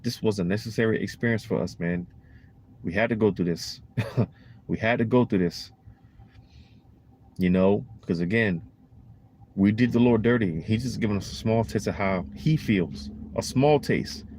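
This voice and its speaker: A man's voice: fairly low pitch, normal speed, long pauses, darkish tone, a little hiss or hum. A man giving a casual preaching monologue in a rambling, emphatic, slangy way, full of "you know" and "man.".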